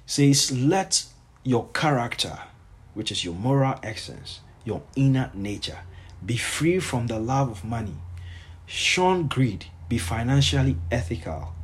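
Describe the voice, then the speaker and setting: Male pastor, raspy breathy voice, mid pitch, emphatic and repetitive preaching, reads verses out. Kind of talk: sermon.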